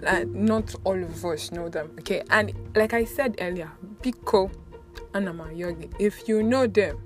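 A young Nigerian-accented woman talks casually to her viewers, telling stories in an animated way. She laughs a lot and often repeats words. Background music plays clearly underneath her voice. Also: mid-range voice, moderate pace. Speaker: vlogger. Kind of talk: casual chatty storytelling.

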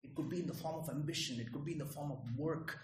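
Preacher in an echoey room. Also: male voice, fairly high pitch, fairly even intonation, fast talker, slight background noise. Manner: conversational, frequent "Right?" and "Okay?" check-ins, restarts. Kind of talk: sermon.

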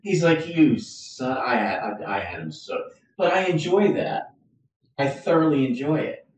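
A man hosting a podcast who tells animated stories and laughs easily. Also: on the high side. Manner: animated storytelling, quick to laugh. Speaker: podcast host. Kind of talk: casual podcast chat. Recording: very echoey, distant mic.

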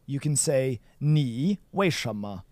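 A man's voice: medium pitch, lively intonation, a little slow, darkish tone, dry recording. A man from Sweden tutoring Chinese in a casual lesson, encouraging and playful, praising his student often. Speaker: language tutor.

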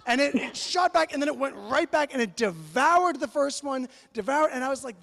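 A man with a high voice preaches to a congregation. He tells stories in an animated, playful way. His voice rings with a long reverb in a large church. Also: fairly quick, vocal fry, hardly any pauses. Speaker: pastor. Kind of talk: storytelling sermon.

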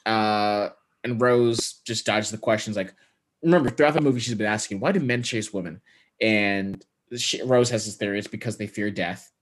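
Lower-voiced dude recapping a movie plot on a podcast, kinda sarcastic. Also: male voice, normal speed. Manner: wry plot summarizing with sarcastic asides. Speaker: podcast co-host. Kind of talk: casual chat recapping a movie.

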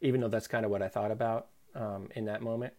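A man giving an earnest, reflective devotional talk and softly quoting God's words. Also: on the low side, steady tone, quick pace. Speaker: Christian speaker.

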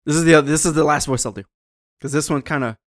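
A young man co-hosting a podcast in a relaxed, rambling chat. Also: fairly high pitch, fast, no room sound, studio quality. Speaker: podcast co-host. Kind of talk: casual chat.

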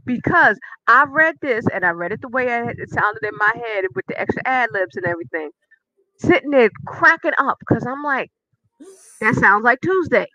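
Bright-voiced woman co-host, dry and dull sound. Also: on the high side, animated, moderate pace, no echo. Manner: reads scripture with comic exaggeration, laughs often. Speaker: podcast co-host. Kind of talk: casual chat, dramatic reading of a psalm.

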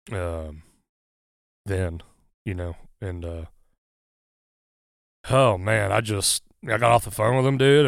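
A firefighter, telling a personal story in casual conversation, pausing often with fillers. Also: male voice, lowish voice, vocal fry, dry recording, clean studio sound. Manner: halting, many "uh" fillers, earnest. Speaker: guest, firefighter.

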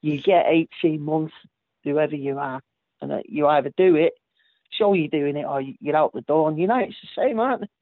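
A man's voice: fairly high pitch, brisk, no room sound. A man chatting casually about football, often tacking tag questions onto his sentences. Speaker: football podcast guest. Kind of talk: casual chat. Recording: tinny phone-like line.

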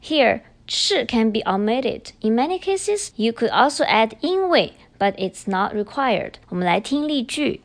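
A woman's voice: fairly high pitch, big pitch swings, unhurried, hardly any pauses. A woman hosting a podcast, teaching Chinese grammar in English, and explaining each example sentence carefully before she repeats it. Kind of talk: bilingual language lesson.

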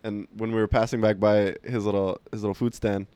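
A man's voice: lowish voice, flat delivery, brisk, mellow, smooth, no room sound. A young man telling stories in casual chat, rambling with lots of fillers and swearing.

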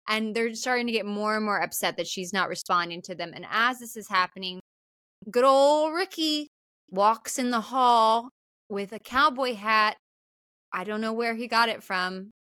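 A woman co-hosting a casual podcast and recapping a film in detail. She is animated, laughs easily and acts out bits of dialogue as she tells the story. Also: medium pitch, normal speed, clear, resonant tone, dry recording. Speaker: podcast co-host.

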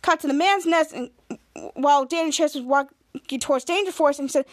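A woman's voice: high-pitched, brisk. A woman hosting a podcast, giving a rambling casual recap of a TV episode and often restarting her sentences. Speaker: podcast host.

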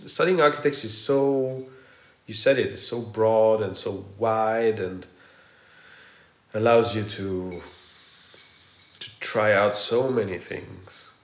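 Middle-aged male architect guest, lowish voice, excitable rambling, echoey room. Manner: animated, rambling with frequent restarts. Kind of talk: casual conversational interview. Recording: roomy echo.

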